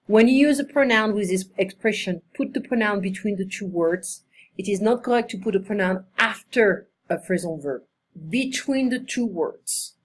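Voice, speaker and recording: Woman teaching English, slow and careful. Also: mid-range voice, lively intonation, slightly rough. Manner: slow, careful explaining with many example sentences. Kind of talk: one-on-one language lesson.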